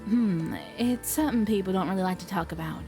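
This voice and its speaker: A woman voicing a brisk, modern-minded young female diver, reading game dialogue aloud with a light put-on accent. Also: mid-range voice, mellow, soft background music, lightly acted. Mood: matter-of-fact.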